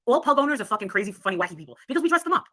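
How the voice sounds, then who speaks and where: A woman's voice: fairly high pitch, very animated, rapid-fire, bright, forceful tone, dry recording. A woman hosting a casual livestream, telling stories with brash, profane humor and frequent laughter. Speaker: livestream host.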